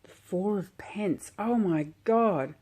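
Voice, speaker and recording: A woman calmly unboxing a tarot deck while sitting on her floor, gushing and admiring each card at an unhurried pace. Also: medium pitch, breathy edge. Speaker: tarot vlogger. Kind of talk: relaxed unboxing commentary.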